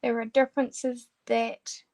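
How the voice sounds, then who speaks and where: A woman's voice: a little high, little pitch movement, slow, darkish tone. A woman chatting casually with viewers while crafting, hesitant and full of ums as she answers them. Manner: hesitant, many ums and restarts. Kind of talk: casual chat while diamond painting.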